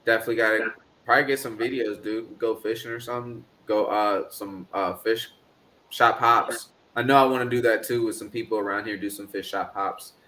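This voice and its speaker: A man's voice: lowish voice, steady tone, a little fast, pushed and bright, a little hiss or hum. A man hosting a casual livestream chat in a loose, rambling way, with a drawl and lots of filler. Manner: laid-back, rambling, with filler "uh"s. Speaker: livestream host.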